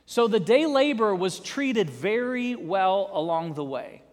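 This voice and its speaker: A male preacher giving an animated sermon, telling a parable with dramatic emphasis, in a reverberant church. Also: sits high, a little slow.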